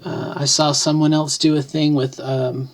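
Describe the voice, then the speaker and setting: A woman's voice: low-pitched, flat delivery, moderate pace. Middle-aged woman rambling through an explanation. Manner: rambling, self-correcting, thinks aloud. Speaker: vlogger. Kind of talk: casual explanatory talk to camera. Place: home, near the kitchen.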